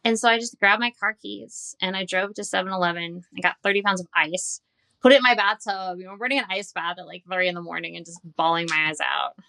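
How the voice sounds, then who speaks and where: A dietitian in her forties tells her personal story as an interview guest, candid and earnest, quoting dialogue as she recounts it. Her voice is fairly low, steady, and fairly quick, gravelly with a pushed, bright quality.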